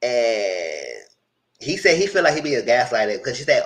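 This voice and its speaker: A man giving a casual, animated live recap of a reality show, full of quoted asides. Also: mid-range voice, measured pace, low-quality recording.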